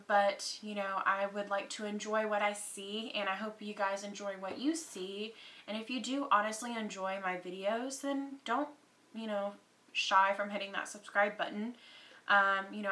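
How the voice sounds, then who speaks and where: Chatty Texan woman with a bright voice. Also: medium pitch, poor audio. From Texas. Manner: chatty, many fillers, says y'all. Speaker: beauty YouTuber. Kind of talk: casual chat to camera.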